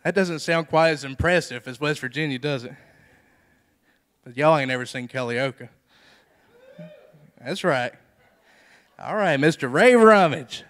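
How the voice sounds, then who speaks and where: A man's voice: a little high, unhurried, pauses often, fairly bright tone. A man with a Southern US accent, emceeing a live storytelling contest in a jokey, announcer-like manner. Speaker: contest host.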